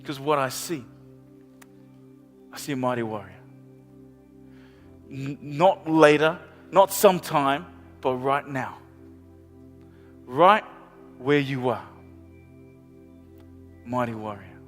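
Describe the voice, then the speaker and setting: Impassioned New pastor preaching in hall. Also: male voice, medium pitch, slow, pauses often, soft background music. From New Zealand. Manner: impassioned, repetitive preaching with playful asides. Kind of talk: sermon. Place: large church hall.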